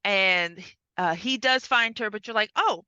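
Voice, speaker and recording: Animated woman recapping a film, bright. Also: unhurried, clean tone, no echo, highs cut off. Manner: animated, acts out characters' lines with big pitch jumps. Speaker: podcast co-host. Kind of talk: casual chat recapping a film.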